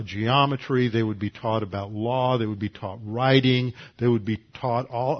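A man preaching a verse-by-verse Bible teaching in a measured, explanatory way, with frequent fillers and restarts. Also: mid-range voice, lo-fi sound.

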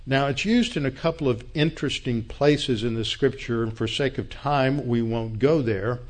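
A man teaching through a Bible passage, explaining Hebrew words step by step in an unhurried, explanatory way. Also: mid-range voice.

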